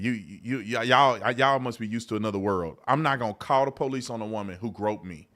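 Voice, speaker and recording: A man hosts a live-streamed talk show in a casual, colloquial style, briskly and with few pauses, swinging from loud outbursts to low mutters and often repeating himself.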